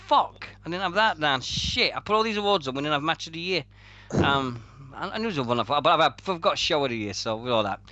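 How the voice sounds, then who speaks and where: With a fairly high pitch and a fast delivery, this Sheffield-born wrestling radio host chats casually, laughing and swearing heavily through animated stories. There's slight background noise.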